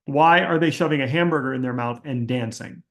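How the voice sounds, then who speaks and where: Speaking a little fast in a medium-pitched voice, this livestream host fields audience questions in a casual Q&A. His manner is blunt and doubtful, with lots of thinking out loud and restarts.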